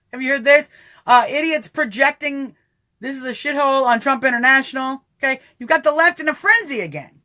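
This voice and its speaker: Speaking fairly quickly in a high voice, a woman livestreams animated political commentary in which she mocks opponents, acts out voices, and laughs at her own jokes.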